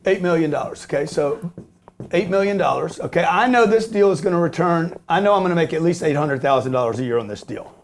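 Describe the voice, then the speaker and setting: This man in his fifties talks about real estate investing with a fairly high voice, lively intonation, and a fast pace, over slight background noise. He's emphatic and repetitive in this animated business talk, often asking "okay?" and swearing as he jokes.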